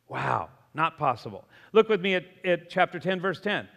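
Bright-voiced man preaching a sermon. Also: on the high side, moderate pace, vocal fry, hardly any pauses, long reverb tail. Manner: animated storytelling, emphatic. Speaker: pastor.

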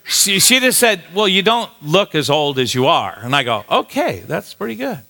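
Animated preacher in his sixties. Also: fairly high pitch, normal speed, gravelly. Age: 60s. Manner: animated storytelling, self-mocking, stumbles and repeats words. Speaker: pastor. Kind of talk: sermon.

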